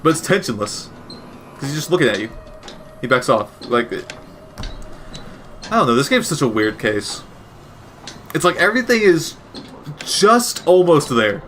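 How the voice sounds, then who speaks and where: A man's voice: on the high side, big pitch swings, moderate pace, long pauses, fairly bright tone, slight background noise. Man giving wry, rambling game commentary. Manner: rambling, wry, self-correcting. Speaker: gaming commentator. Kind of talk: casual gameplay commentary.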